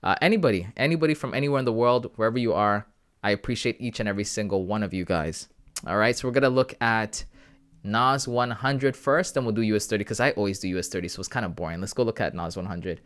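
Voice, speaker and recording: A man's voice: lowish voice, fast. Chatty laid-back man from Canada. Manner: relaxed, chatty, often says bro and man. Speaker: livestream host sharing trading analysis. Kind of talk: casual live-stream chat.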